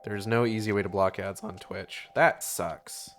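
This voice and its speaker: A man's voice: lowish voice, steady tone, a little slow, fairly bright tone, faint music behind. A man streaming a video game, chatting casually and sarcastically, swearing and reading on-screen text aloud. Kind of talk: casual gameplay commentary.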